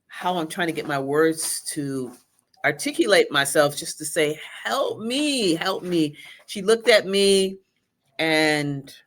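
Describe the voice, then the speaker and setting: A middle-aged woman, a guest, telling an emotional personal story in a halting way, with restarts and quoted speech. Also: on the low side, fairly bright tone.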